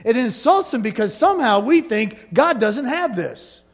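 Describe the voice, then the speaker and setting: Animated, joking male pastor preaching. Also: very high voice, normal speed. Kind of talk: sermon.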